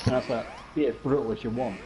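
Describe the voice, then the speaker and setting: A man with a Scottish accent, playing along on a stream, telling lively anecdotes and swearing freely. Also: medium pitch, quick pace, rough recording. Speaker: co-player on a stream. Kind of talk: casual chat while streaming a game. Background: game music.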